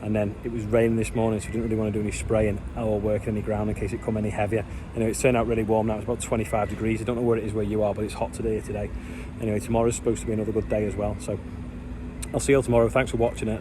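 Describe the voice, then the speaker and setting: A man's voice: fairly low pitch, flat delivery, very fast, noisy background. A man vlogging casually on his farm, chatting in a rambling way and asking his viewers questions. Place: outdoors on a farm.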